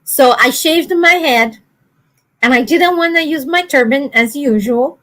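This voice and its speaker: High-voiced woman chatting. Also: measured pace. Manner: animated storytelling, laughs often, acts out quoted dialogue. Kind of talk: casual chat.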